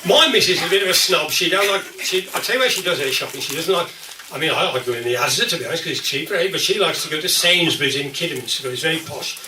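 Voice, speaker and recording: A man's voice: a little high, rapid-fire, noisy background. Older Black Country man telling jokes. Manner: chatty, laughing through his jokes, stammering restarts. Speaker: folk club storyteller. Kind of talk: comic storytelling to a live audience. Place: folk club room. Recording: distorted, roomy live recording from a distance. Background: audience laughter.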